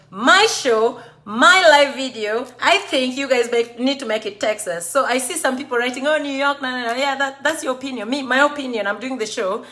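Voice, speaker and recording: A woman's voice: on the high side, bright, forceful tone. A woman with a Kenyan accent hosting a casual live video, chatting with viewers and reading out their comments. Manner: chatty, reads out viewer comments and mixes Swahili phrases into English. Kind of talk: casual live-stream chat.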